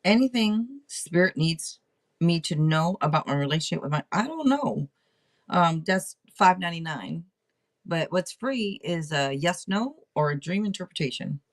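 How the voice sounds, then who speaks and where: Brief: middle-aged woman, livestream tarot host, low-ish voice that swings up and down a lot, rambling self-talk. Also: lively intonation, moderate pace. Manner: rambling, chatty, talks out loud to herself. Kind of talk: casual livestream tarot reading.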